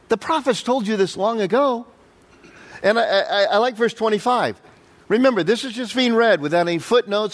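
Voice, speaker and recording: A man preaching a conversational Bible-study sermon, quizzing the audience and voicing quotes with animated leaps. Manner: animated, jumps up in pitch for quotes. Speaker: pastor. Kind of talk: sermon, verse-by-verse Bible teaching.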